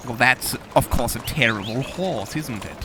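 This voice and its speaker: A man's voice: mid-range voice, lively intonation, normal speed, background noise. A man hosting comedic gameplay commentary in a theatrical, pompous manner. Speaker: gaming host in character. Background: game music and sounds.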